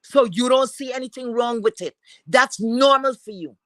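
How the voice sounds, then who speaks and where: A woman's voice: on the high side, moderate pace, fairly bright tone, no room sound, rough recording. A woman with a Caribbean accent ranting to her viewers in a scornful, profane way, repeating words for emphasis. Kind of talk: angry rant to viewers.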